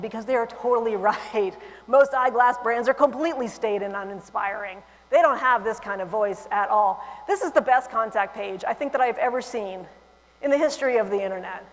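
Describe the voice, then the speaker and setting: A woman with a fairly high voice delivers a funny, animated keynote from a stage. Her words carry the long reverb of a large conference hall. She talks with quick jokes and playful emphasis. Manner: lively, humorous, animated delivery. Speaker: keynote speaker.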